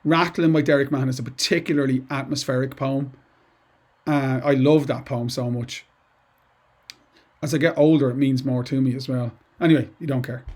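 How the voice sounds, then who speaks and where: A man's voice: mid-range voice, fairly even intonation, normal speed, a little mellow. Chatty, digressive male English teacher. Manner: chatty and digressive, with asides and restarts. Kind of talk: informal lesson to students.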